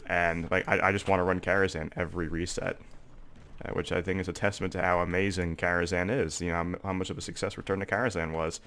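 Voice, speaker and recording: Speaking fast in a low, fairly bright voice with a level tone, a young man who creates gaming videos rambles casually about his gameplay. He's congested, with a stuffy voice and a sore throat, and fills his talk with "like" and "um."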